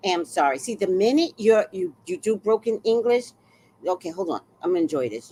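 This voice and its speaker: A woman's voice: medium pitch, fairly quick, slightly rough. A woman hosting a livestream, talking to her viewers in an exclaiming, swearing way. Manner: animated, exclaiming, swears freely. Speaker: livestream host. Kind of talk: casual livestream chat.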